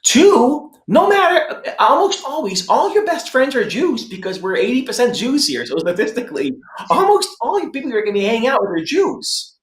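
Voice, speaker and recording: An Israeli man speaking on a conference panel, emphatic and lively, repeating his points for effect. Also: very high-pitched, moderate pace, roomy sound, poor audio. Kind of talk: animated panel discussion. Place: room in Jerusalem.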